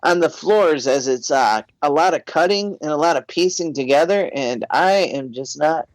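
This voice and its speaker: A middle-aged man co-hosting a casual podcast, easygoing and halting, laughing often. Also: a little high, no room sound, poor audio. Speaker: podcast co-host. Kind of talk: casual comedy podcast banter.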